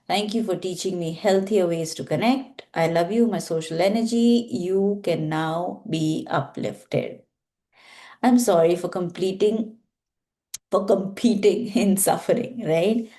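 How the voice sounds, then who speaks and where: Mellow-voiced woman leading affirmations. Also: on the low side. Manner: slow, deliberate recitation of affirmations. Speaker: healer leading a practice. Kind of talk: guided affirmation practice.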